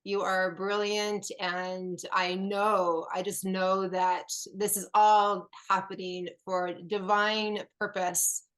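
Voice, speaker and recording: A woman hosts the talk at a slow, unhurried pace. She speaks earnestly, offering her guest affirmation in a mid-pitched voice. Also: flat delivery, fairly bright tone, low-quality recording. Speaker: host. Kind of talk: encouraging talk to guest and audience.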